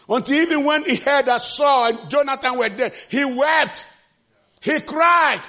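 A man preaching a sermon with passion, shouting refrains and acting out the scripture quotes. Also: unhurried. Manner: acts out quotes with sudden pitch jumps.

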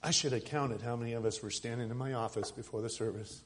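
Male pastor, mid-pitched voice, preaching sermon with dynamic loud-to-hushed delivery. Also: steady tone, quick pace. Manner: preaching with swings between loud emphasis and soft near-whispers. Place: church service.

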